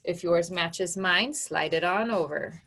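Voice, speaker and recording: A woman teaching an online phonics lesson, speaking clearly and sounding out words one sound at a time for young children. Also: lowish voice, measured pace, fairly bright tone.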